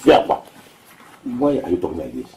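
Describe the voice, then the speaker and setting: An evasive young Nigerian boyfriend with a lowish, lively voice, stammering and defensive. A faint hiss sits under the film audio. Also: male voice, moderate pace, low-quality recording. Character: young man courting a girlfriend, evasive. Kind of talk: Nollywood film acting.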